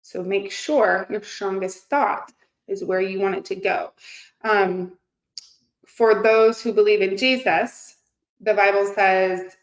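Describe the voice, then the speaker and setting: A woman's voice: mid-range voice, fairly even intonation, slow pace. A woman in her thirties talking earnestly and casually to her viewers, with many fillers and restarts. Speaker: host. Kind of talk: casual motivational talk to camera. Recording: echoey room.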